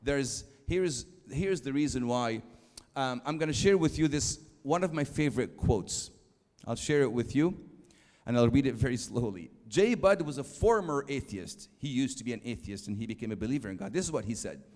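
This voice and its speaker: A man giving a church youth lecture, emphatic, slowing down for quotes and asking the audience questions. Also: medium pitch, expressive, a little mellow. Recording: long hall reverb.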